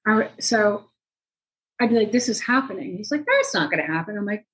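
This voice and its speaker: A journalist being interviewed, telling a story in a conversational way and acting out the quoted dialogue with sudden jumps in pitch. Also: female voice, lively intonation, fairly quick, fairly bright tone, rough recording. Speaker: journalist guest.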